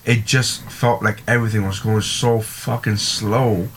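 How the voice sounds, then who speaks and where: A man's voice: lowish voice, steady tone, unhurried, slight background noise. A man chatting casually as a podcast co-host, telling a story with emphatic repetition and swearing. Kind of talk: casual chat.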